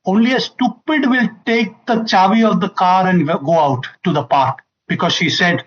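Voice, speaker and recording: A man's voice: high voice, normal speed, a bit bright, highs cut off. A man giving an emphatic public talk to an audience, repeating key phrases and acting out quoted lines. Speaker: family seminar speaker.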